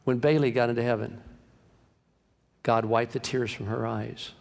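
A man preaching a sermon as pastor, impassioned, swinging between hushed and loud passages. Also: medium pitch, steady tone, moderate pace, gravelly. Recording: long hall reverb.

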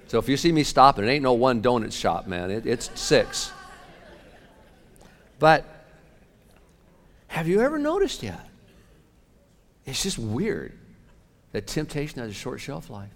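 A man preaching a sermon as pastor, animated, shifting between loud outbursts and hushed asides. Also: medium pitch, a little slow, pauses often. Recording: long reverb of a large hall.

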